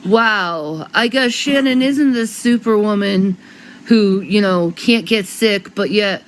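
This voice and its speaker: Slow, rambling, breathless woman vlogger. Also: medium pitch, a little hiss or hum, rough recording. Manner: rambling, profane, with frequent restarts and laughter. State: short of breath. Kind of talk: rambling casual vlog monologue.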